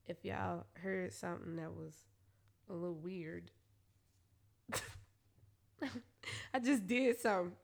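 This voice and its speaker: A young woman hosting a podcast, telling a candid, profane story in a casual monologue with quick asides to her listeners. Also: fairly high pitch, vocal fry, a bit bright. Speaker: podcast host.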